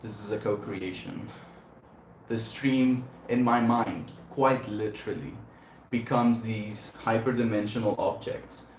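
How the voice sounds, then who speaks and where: In an echoey room with a little background noise, a male livestream host chats casually, thinking aloud, wandering off topic and laughing a lot. His voice is fairly low and steady, and he speaks a little slowly.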